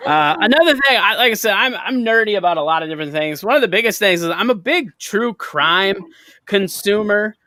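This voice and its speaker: A man's voice: sits high, animated, fairly quick, sharp tone, no room sound. A man doing a stand-up set over a video call, self-mocking and nerdy, laughing at his own jokes. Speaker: stand-up comic.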